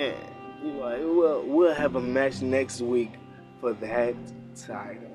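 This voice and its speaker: A man's voice: mid-range voice, fairly even intonation, takes it slowly, music in the background. A young man recapping a wrestling show in loose, slangy, profanity-heavy casual talk. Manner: slangy, loose storytelling, frequent cursing.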